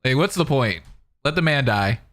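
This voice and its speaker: A man's voice: medium pitch, lively intonation, moderate pace, a bit bright. A young man streaming, reading a novel aloud between rambling, filler-heavy casual chat with viewers. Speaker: streamer reacting to a fan dub.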